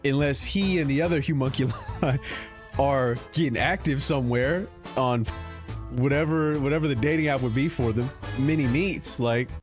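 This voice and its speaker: A man streaming, reacting to his own clips in casual chat, animated and swearing, saying bro a lot. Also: medium pitch, moderate pace, faint music behind.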